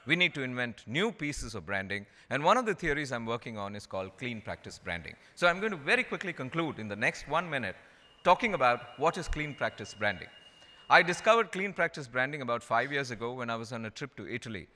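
A man's voice: mid-range voice, big pitch swings, a little fast, pushed and bright. A middle-aged man from India with an Indian English accent, giving a storytelling keynote talk and repeating phrases for emphasis. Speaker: conference speaker. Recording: long hall reverb.

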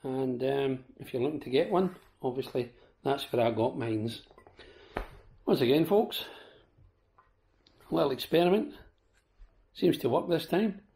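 A man's voice: medium pitch, expressive, a little slow, creaky, long pauses, dark tone. A Scottish man with a sore throat giving a casual, chatty product demo and talking to viewers as folks. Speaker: vlogger.

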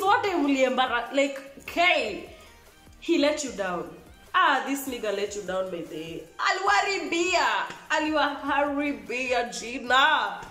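A young Kenyan woman with a Kenyan accent telling an exasperated, animated storytime vlog, switching between languages. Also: fairly high pitch, echoey room. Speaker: vlogger.

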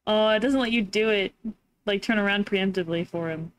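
A woman's voice: medium pitch, brisk, clear, resonant tone, no room sound. A woman streamer giving casual commentary on a game, joking, swearing and laughing often. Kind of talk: casual let's-play commentary. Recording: game music behind voice.

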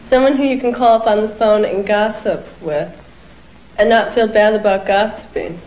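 A woman's voice: mid-range voice, moderate pace, a little mellow. A woman speaking thoughtfully and fondly in a documentary interview. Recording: echoey, lo-fi.

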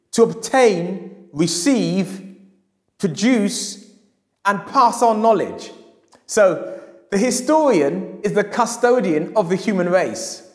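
A middle-aged male historian giving a public lecture, with emphatic repetition and acted quotes when he tells a story. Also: high-pitched. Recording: echoey hall.

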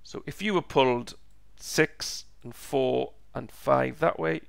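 A man teaching a step-by-step physics lesson, slow and patient, repeating each step, his voice croaky and going hoarse. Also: medium pitch, dry recording. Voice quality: gravelly, croaky.

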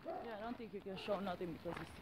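A woman's voice: fairly low pitch, steady tone, fast talker, very noisy. A mother talking casually with her child outdoors at night and telling him off, recorded on a phone. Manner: scolding, matter-of-fact. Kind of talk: casual family talk.

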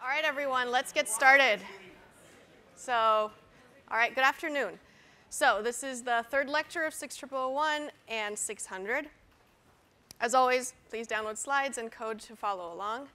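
Bright-voiced woman giving a university lecture. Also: high-pitched, unhurried, long pauses. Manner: explanatory, with frequent fillers and restarts. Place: lecture hall.

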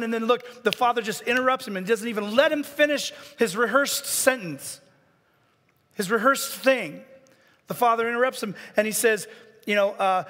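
A man giving a sermon as a guest pastor, preaching earnestly, dropping to a hush and then building up, and repeating words for emphasis. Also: high voice, moderate pace, long reverb tail. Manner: earnest preaching with dramatic soft drops and rising emphasis. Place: church sanctuary.

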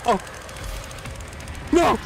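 A man streaming a horror game, yelping, swearing and apologizing to his teammates, then musing calmly on the game. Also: extremely slow. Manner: calm, musing commentary. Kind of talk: live game commentary. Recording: faint background noise.

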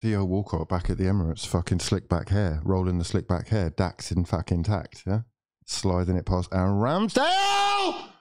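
A man hosting a live football watchalong, reacting with loud, swearing outbursts. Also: sits low, normal speed, few pauses. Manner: excitable, swearing, shouting reactions.

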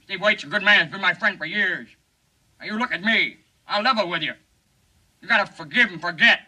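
An actor playing a shady, folksy TV pitchman pleading for a crooked friend's election in a 1950s film comedy. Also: fairly quick, pushed and bright, husky, recorded from a distance, full character voice, poor audio. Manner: folksy, pleading sales patter.

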